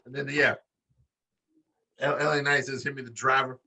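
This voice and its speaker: A bright, husky-voiced man chats on a wrestling podcast, swearing freely and jumping into high put-on voices for quotes. He sits some way back from the mic. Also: brisk, pauses often, far from the mic. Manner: animated, profane, acts out quotes in high voices. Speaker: podcast co-host. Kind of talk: casual wrestling podcast chat.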